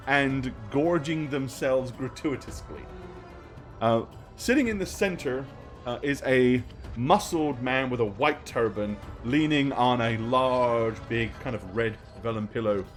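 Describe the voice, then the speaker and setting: A man running a tabletop game, drawing out his scene descriptions at an unhurried pace and filling the gaps with "um". His voice sits at an ordinary middle pitch. Faint music plays behind him. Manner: slow, descriptive narration with many fillers. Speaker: game master.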